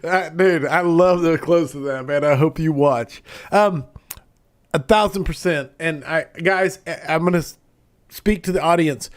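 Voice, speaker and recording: A man's voice: fairly high pitch, unhurried. A man hosting a live-streamed interview, eagerly reading out audience questions. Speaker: host.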